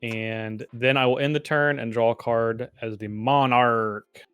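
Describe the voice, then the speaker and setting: A man's voice: mid-range voice, fairly even intonation, a little slow, fairly bright tone, smooth, no echo, faint music behind. A man explaining his card game plays on a video call, teasing the others with dry, playful remarks. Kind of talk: casual game-play chat.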